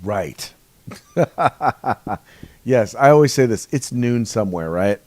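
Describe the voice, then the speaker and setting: A man's voice: mid-range voice, lively intonation, takes it slowly, darkish tone, dry recording. A man hosting a casual political podcast from his studio, mixing sarcastic jokes with news commentary. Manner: jokey, sarcastic asides. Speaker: host. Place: home studio.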